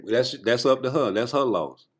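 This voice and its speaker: A man in casual banter, coaching a friend with insistent, repetitive advice. He speaks at an ordinary, mid-range pitch. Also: moderate pace. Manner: coaching, insistent, repeats himself.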